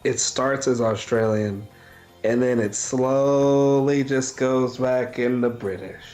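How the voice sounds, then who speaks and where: A man with a Southern American accent co-hosting a casual podcast, telling stories slowly and hesitantly with fillers. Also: medium pitch, steady tone, a little mellow, soft background music. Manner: slow storytelling, hesitant with fillers. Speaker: podcast co-host. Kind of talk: casual chat.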